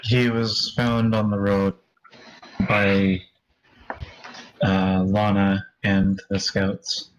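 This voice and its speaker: Guy running a tabletop game, talks slow and steady. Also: lowish voice, rough recording. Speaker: game master.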